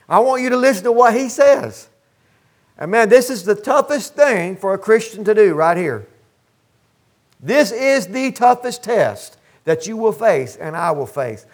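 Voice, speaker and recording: An older man preaching from the pulpit in a very high voice. He talks in a folksy, emphatic way and calls out to the congregation for answers. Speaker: pastor. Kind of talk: sermon. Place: church sanctuary.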